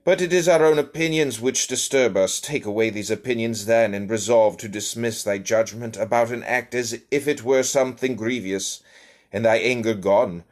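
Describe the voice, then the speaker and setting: A man reading archaic philosophy aloud in a put-on English accent, measured and declaiming. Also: medium pitch, close to an everyday voice. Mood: solemn. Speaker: reader.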